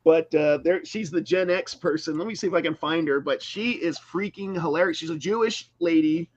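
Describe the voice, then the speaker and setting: A man in his fifties in casual chat, animated and quick to laugh. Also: fairly high pitch, no room sound, lo-fi sound. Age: 50s.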